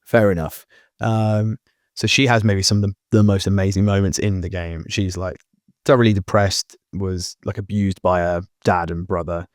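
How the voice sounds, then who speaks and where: A podcast co-host chats casually in a low voice with fairly even intonation at normal speed, earnest and rambling as he works through his thoughts with many fillers and restarts. The podcast-mic recording is dry and studio quality.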